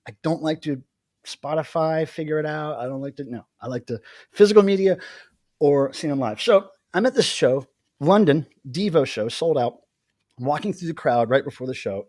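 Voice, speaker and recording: A man's voice: a little high, a little mellow, no room sound, clean studio sound. A man hosting a live video chat, talking casually and animatedly, laughing often. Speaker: livestream host.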